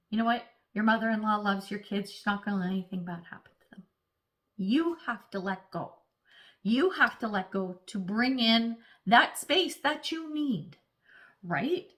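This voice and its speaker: A woman's voice: medium pitch, lively intonation, moderate pace, a bit bright. A woman giving a casual, chatty tarot reading, playfully acting out little voices as she talks. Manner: speaks of herself as an earth sign. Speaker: tarot reader.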